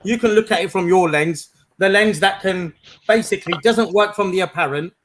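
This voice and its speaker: Man, laid-back, laughing, slightly high, faint noise. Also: normal speed, a bit bright, rough recording. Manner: laid-back, laughs often, mixes in Punjabi. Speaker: panel participant. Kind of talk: heated live panel chat.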